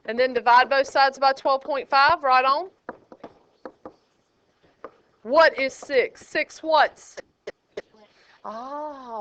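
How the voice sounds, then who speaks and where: A woman's voice: high voice, takes it slowly. A woman math teacher, teasing and joking with her students while working problems in a classroom. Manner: sassy, teasing and lively with students. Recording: dull lo-fi classroom recording.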